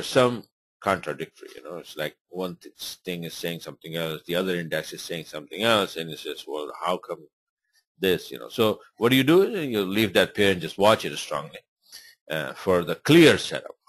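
Low-voiced man rambling over trading charts. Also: a bit bright, dry recording. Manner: rambling and informal, many fillers. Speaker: forex trading webinar host. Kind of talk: live webinar chart commentary.

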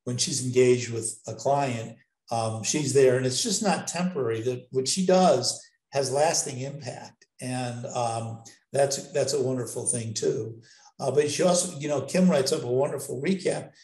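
A man's voice: mid-range voice, unhurried, darkish tone. A man interviewing a guest, asking long rambling questions with frequent ums and restarts. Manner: rambling, hesitant, with many ums. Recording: roomy echo.

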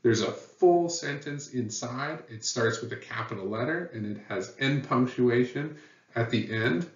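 A man's voice: mid-range voice, expressive, unhurried. A man teaching a lesson on writing rules, patient and plain, with many fillers. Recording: dull, roomy sound from a distant mic.

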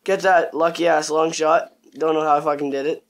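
A young man giving casual, crude gameplay commentary, swearing constantly and bursting into excitement. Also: a little high, brisk.

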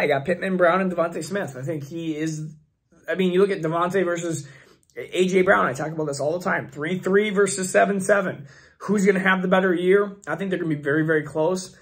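A man hosting a fantasy football channel, his voice hoarse and failing, rambling through mock draft picks in casual commentary. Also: a little high. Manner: rambling, restarts often, thinks aloud.

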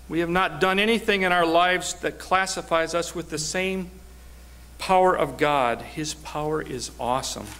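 A man's voice: fairly high pitch, moderate pace, bright, forceful tone, clean tone. A man preaching a sermon, telling a personal story with earnest, rising emphasis.

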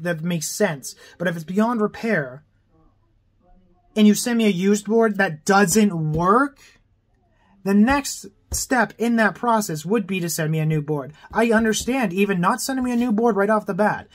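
A young man from Canada ranting angrily to his viewers, swearing often and sounding exasperated. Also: high voice. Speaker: vlogger. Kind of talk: angry rant to camera.

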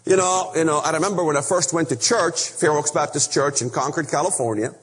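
A man preaching an impassioned sermon, emphatic and repetitive in a husky voice. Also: fairly high pitch, brisk, a bit bright. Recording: echoey hall.

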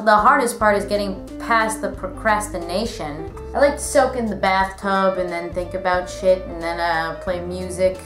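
A young woman vlogger answering viewer questions in a casual, rambling chat full of fillers. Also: medium pitch. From United States. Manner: chatty, rambling, lots of "like" fillers. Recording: echoey room with music behind. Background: background music.

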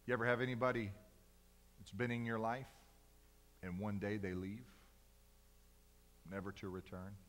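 A male pastor preaching a sermon in a church, swinging from loud cries to hushed, slow emphasis. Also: on the low side, level tone, in a large hall. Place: church sanctuary.

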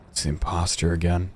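Streaming a shooter game, a man with a medium-pitched voice gives casual gameplay commentary, reacting aloud and thanking donors as he plays. A little hiss or hum sits in the audio.

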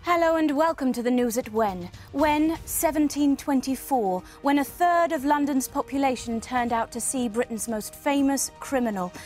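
A woman's voice: sits high, normal speed, hardly any pauses, over music. A woman playing a formal female news anchor in a comedy news spoof.

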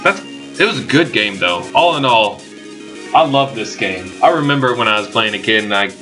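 A man's voice: fairly low pitch, expressive, moderate pace, pushed and bright, soft background music. A man giving playful, casual commentary while playing a video game. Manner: playful, jokey, reads game text aloud. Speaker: let's play host.

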